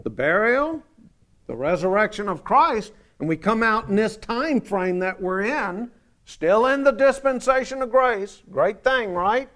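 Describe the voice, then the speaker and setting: High-pitched guy preaching slow, loud points then quiet asides, asks the crowd stuff. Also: animated. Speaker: pastor. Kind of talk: sermon.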